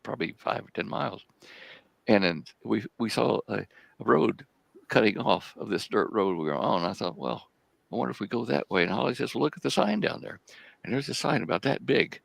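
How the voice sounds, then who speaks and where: An older man, a guest on a live talk show, telling a long story in a halting way and repeating words as he goes. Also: on the low side, vocal fry, no echo. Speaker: guest researcher.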